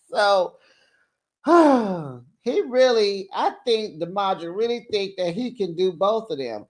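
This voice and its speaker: A woman giving a casual reality-show recap, sassy and animated, with a lively voice that swings up and down. She talks slowly and unhurriedly at a mid pitch.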